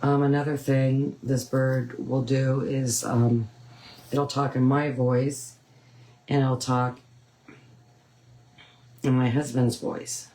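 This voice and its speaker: A woman's voice: very deep voice, flat delivery, slow pace, long pauses, mellow, rough recording. A woman hosting a painting tutorial, chatting casually and rambling with frequent ums. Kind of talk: casual chat while painting.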